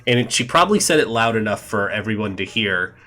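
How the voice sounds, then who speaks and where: A man's voice: lowish voice, lively intonation, fast, sharp tone, faint music behind. A man narrating a tabletop game as game master, rambling with many fillers.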